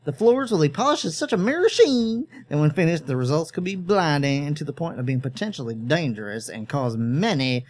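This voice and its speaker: A man's voice: fairly high pitch, lively intonation, fairly quick, few pauses. A man voicing a confident, long-winded male janitor while reading a story aloud. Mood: rambling. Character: boastful, rambling male janitor.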